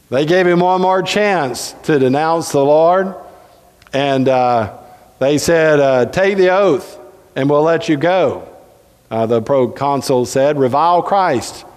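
Man preaching, high voice, emphatic drawn-out phrases, long church-hall echo. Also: a little mellow. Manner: preaches with sudden pitch jumps, drawn-out emphasis. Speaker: pastor. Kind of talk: sermon. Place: church sanctuary.

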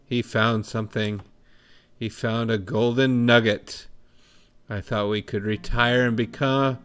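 A man's voice: medium pitch, a bit bright, clean tone, lightly acted. A man reading aloud as a despairing wounded woman in a game, pleading in a strained, raised voice.

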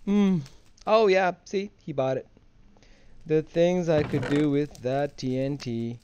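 A man's voice: on the high side, a little slow, background noise. A man giving casual, rambling gameplay commentary for his channel, drowsy and easily distracted. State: sleepy, yawning. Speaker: gamer and video host.

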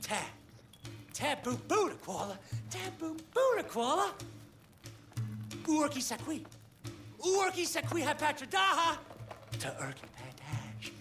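A shrill, wild caveman. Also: wildly swooping pitch, measured pace, pauses often, sharp tone, soft background music, heavily acted. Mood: manic yelping. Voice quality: shrill yelping chatter in a made-up tongue. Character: wild excitable male caveman tribesman. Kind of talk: video game character dialogue.

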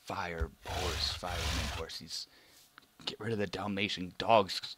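A young man giving casual gameplay commentary, excitable, swearing now and then and muttering asides under his breath. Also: low voice, a little slow, slightly rough. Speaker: let's play gamer.

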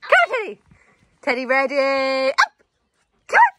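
A woman's voice: high voice, huge pitch swings, measured pace, sharp tone, a little hiss or hum. A young woman and mother, chatting playfully in her back garden and coaxing her dogs in a sing-song voice. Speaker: vlogger and mother. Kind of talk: casual chat with pets and child.

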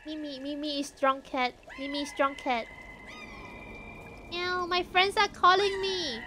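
A woman live-streaming a game, talking to the cat on screen and squealing and shouting when things go wrong. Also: high voice, fairly even intonation, a little slow, a little hiss or hum. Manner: talks to the cat character, meowing.

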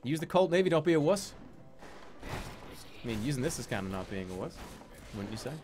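A man streaming a game, chatting casually in a rambling, jokey way, sometimes jumping into loud, high mock-announcer bits. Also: sing-song, brisk, music in the background. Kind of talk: casual gaming stream chat. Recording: game gunfire noise behind voice.

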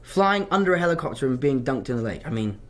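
A man's voice: medium pitch, very animated, fast. A young man with an English accent, an actor chatting cheekily in press interviews and often apologising.

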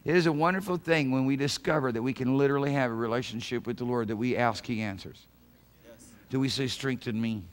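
A man preaching a sermon as pastor of a church, fervent, swinging from hushed passages to shouted calls. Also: medium pitch, fast. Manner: acts out quoted voices of God. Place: church sanctuary.

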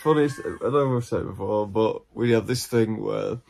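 A man co-hosting a comedy podcast, telling stories in an animated, incredulous way. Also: on the low side, a little fast, vocal fry. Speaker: podcast co-host. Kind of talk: casual comedic chat.

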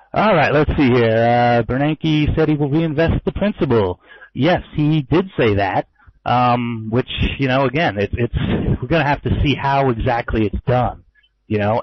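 A man talks through the markets in an offhand, conversational way, full of fillers, restarts and wry jokes. His voice is middling in pitch and close to the mic. The sound is dull and muffled, with no room echo at all. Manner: loose and conversational, many fillers, wry asides. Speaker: forex trader and trading educator. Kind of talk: casual market commentary webinar.

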